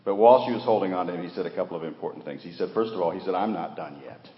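Low-voiced preacher in an echoey hall. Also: male voice, rapid-fire. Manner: dramatic, swings from hushed to loud exclamations. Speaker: pastor. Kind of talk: sermon. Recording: roomy, dull lo-fi church recording.

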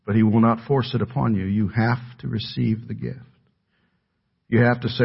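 A male pastor preaching a sermon in earnest, moving between raised emphasis and hushed pleading. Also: mid-range voice, flat delivery, moderate pace, gravelly, breathy edge, highs cut off.

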